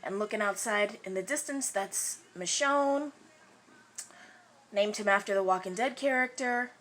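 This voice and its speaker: A woman vlogger chatting casually about her pets, relaxed and rambling. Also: medium pitch, unhurried. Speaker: pet owner vlogger. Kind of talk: casual chat.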